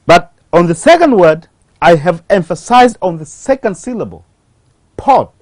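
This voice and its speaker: Slow grammar teacher on tv, voice going up and down a lot, dry close sound. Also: mid-range voice, lively intonation, darkish tone, dry recording. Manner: slow, deliberate, asks rhetorical questions. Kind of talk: televised English grammar lesson.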